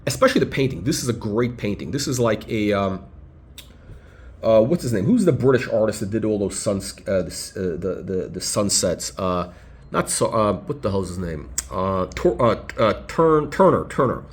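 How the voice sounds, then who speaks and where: A man's voice: fairly low pitch, expressive, moderate pace. A man reviewing a luxury watch in a casual, unscripted way, rambling and blunt, often stopping mid-sentence to search for a word. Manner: rambling, blunt, full of hesitations and restarts.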